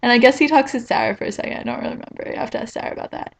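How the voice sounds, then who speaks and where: A woman's voice: fairly high pitch, racing, creaky, slight background noise. A young woman telling a rambling, self-mocking story in a casual vlog, filling it with "like.". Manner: chatty and rambling, heavy on "like". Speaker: vlogger.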